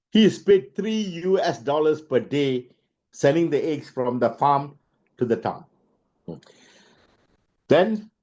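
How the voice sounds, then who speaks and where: A man's voice: mid-range voice, mellow. A man giving a motivational sales lesson, telling stories with asides and frequent rhetorical checks. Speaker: sales trainer. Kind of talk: motivational storytelling lecture. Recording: dull lo-fi recording.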